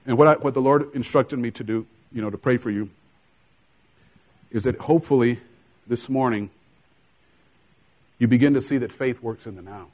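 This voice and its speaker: A man's voice: mid-range voice, low-quality recording. Man preaching a casual sermon. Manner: conversational preaching, jokes and laughs with the congregation. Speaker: pastor. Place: church.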